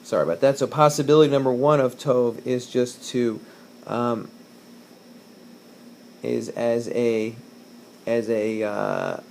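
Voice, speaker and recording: Gravelly male teacher explaining verses. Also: medium pitch, steady tone, takes it slowly, long pauses, a little mellow, a little hiss or hum. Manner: reads Hebrew verses and translates line by line, with fillers. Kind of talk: recorded whiteboard lesson.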